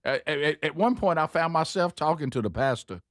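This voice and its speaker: A man hosting a talk show, telling stories in lively casual banter and laughing often. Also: on the high side, normal speed, no echo, clean studio sound. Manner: animated storyteller, laughs often.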